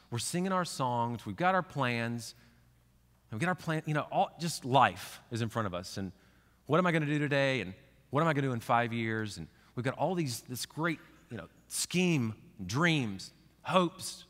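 Man preaching a sermon in a reverberant church. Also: medium pitch. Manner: conversational preaching, swings from hushed to fervent. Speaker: pastor. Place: church sanctuary.

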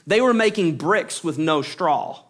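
A man's voice: on the high side, lively intonation, measured pace. A male pastor preaching a verse-by-verse sermon, explaining points to the congregation and repeating words for stress.

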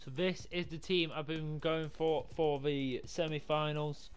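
A man commentating his own football video game run, swinging from calm talk to swearing and yelling at the screen. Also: a little high, unhurried. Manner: excitable, sweary, yells at the game. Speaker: gaming YouTuber. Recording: music playing behind.

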